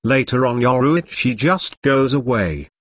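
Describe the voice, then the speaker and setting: A synthetic male voice reading a fan story aloud in a flat manner, sometimes speaking punctuation as words. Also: medium pitch, a little slow. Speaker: narrator. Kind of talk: text-to-speech story reading.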